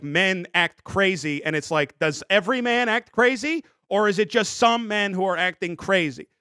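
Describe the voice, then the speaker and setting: A man's voice: sits high, sharp tone, dry recording, studio quality. A young man streaming a comedy bit, rambling defensively through restarts and apologies. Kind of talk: improvised comedy bit as a scandal-hit streamer.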